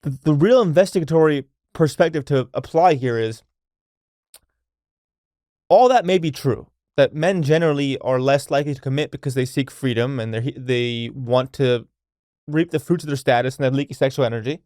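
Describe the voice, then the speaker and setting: A man's voice: medium pitch, moderate pace, darkish tone, no echo, studio quality. A young man hosting a solo podcast, talking casually and bluntly with plenty of swearing. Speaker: podcast host.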